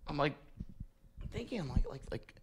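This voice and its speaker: Animated, profane man rambling on a podcast. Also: on the high side, normal speed, a little hiss or hum. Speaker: podcast host. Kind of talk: crude casual chat.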